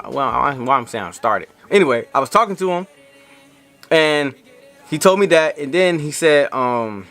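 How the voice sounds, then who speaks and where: A man telling a storytime rant, his voice swinging wildly up and down as he gets worked up. The tone is bright and forceful, and he circles back over the same words again and again. Faint music plays underneath. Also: a little high. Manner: animated, repeats himself, indignant retelling. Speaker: vlogger.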